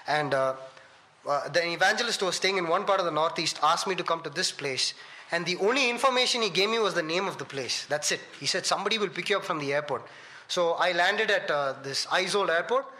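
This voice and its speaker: A man delivers a sermon with a high, bright voice. He tells his story with dramatic swings, rising and loud on questions, then falling to hushed, low asides. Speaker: preacher.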